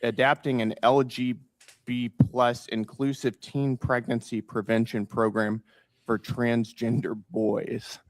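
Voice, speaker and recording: A man with a gravelly voice who asks pointed, disbelieving questions, pressing a witness at a hearing. The sound is dry. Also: medium pitch, no echo. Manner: incredulous, mocking questions.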